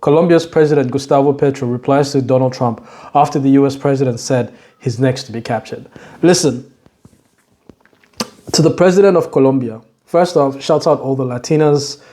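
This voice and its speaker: A man's voice: mid-range voice, normal speed, warm tone. A young man giving casual, mocking reaction commentary on news clips, laughing often and dropping slang.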